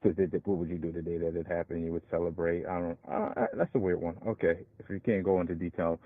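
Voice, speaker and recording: A man with a husky voice argues his point in a loose, halting way, often restarting and slowing down to recite scripture. The sound is dry and tinny, as if it came over a phone line. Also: low voice, steady tone, dry recording. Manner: argumentative, halting, restarts and slows to quote scripture. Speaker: call-in show host. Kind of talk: casual debate.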